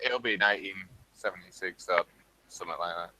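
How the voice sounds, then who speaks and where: A man chatting on a group call while lying down, lazy and laid-back and quick to chuckle. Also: sits low, pushed and bright, slight background noise, poor audio. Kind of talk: casual group call chat. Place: lying down at home.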